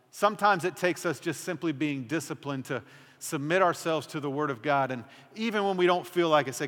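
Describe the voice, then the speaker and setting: Male pastor, slightly high voice, earnest sermon delivery, echoing sanctuary. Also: a little fast. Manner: earnest, dramatic drops to a hushed voice. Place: church sanctuary. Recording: long hall reverb.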